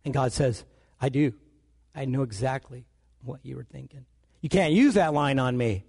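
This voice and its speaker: A man preaching a sermon, telling stories with animated delivery and acting out the dialogue. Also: mid-range voice, moderate pace, vocal fry, slightly rough.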